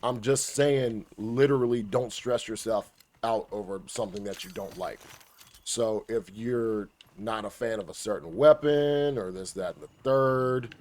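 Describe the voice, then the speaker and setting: A man's voice: on the low side, a little slow, darkish tone, a little hiss or hum. A man giving casual, laid-back advice while playing a game, swearing now and then and trash-talking what he fights. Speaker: gaming guide creator.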